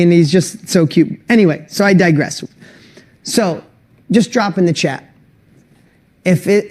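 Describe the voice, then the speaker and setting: A middle-aged man hosting an online course webinar, talking earnestly and emotionally and getting louder on rallying lists. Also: high voice. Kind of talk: motivational webinar talk.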